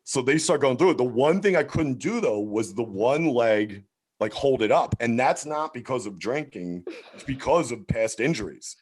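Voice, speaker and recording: A man's voice: mid-range voice, lively intonation, moderate pace, darkish tone, husky. Profane rambling male storyteller. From Philadelphia area. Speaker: comedian guest. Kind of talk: casual storytelling chat.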